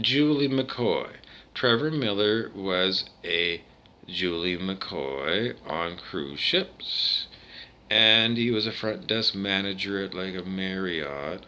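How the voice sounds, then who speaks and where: Man, lowish voice, slow and meandering solo vlog delivery, keeps drifting between tangents. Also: bright, forceful tone, slight background noise. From Canada. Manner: rambling, digressive, restarts and tangents. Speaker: vlogger. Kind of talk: unscripted monologue to camera.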